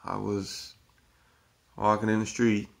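A man tells a rambling story from his day in a gravelly, lowish voice. He talks haltingly and keeps restarting his sentences, with a swear word here and there. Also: monotone. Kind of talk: casual storytelling monologue.

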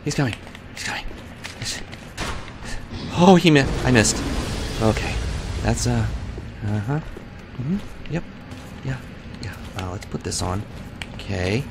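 Gravelly, jittery man streaming gameplay. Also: mid-range voice, expressive, takes it slowly, pauses often, background noise. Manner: jittery, panicky, talks to himself and the game. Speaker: let's play livestreamer. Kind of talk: live gameplay commentary.

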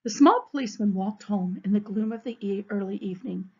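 A woman, a third-grade teacher, reading a storybook aloud to her class in a measured way. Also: medium pitch, warm tone, breathy edge. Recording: dull, muffled recording.

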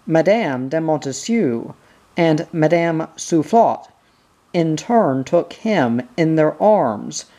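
Slow, measured audiobook reader. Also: mid-range voice, highs cut off. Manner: slow, measured, even delivery. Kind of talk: reading a history book aloud.

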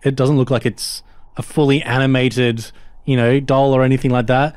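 A man's voice: mid-range voice, level tone, normal speed, a little mellow, clean tone, no room sound. A man playing a tabletop game who describes his character in a rambling, hesitant way. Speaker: player. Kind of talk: casual chat.

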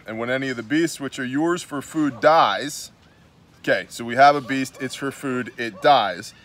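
New guy reading bible verses then riffing on them, blunt and chatty, middle pitch. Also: a bit bright. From New York. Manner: conversational, reads scripture aloud then comments with blunt asides. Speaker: host. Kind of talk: casual Bible study talk.

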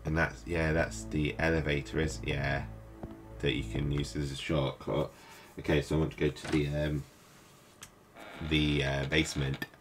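A man's voice: rumbling low, level tone, normal speed. A tired British man from the UK, rambling to himself in casual gameplay commentary as a let's play host. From United Kingdom. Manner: rambling, mutters to himself while playing. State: tired, up at night. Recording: game music playing behind.

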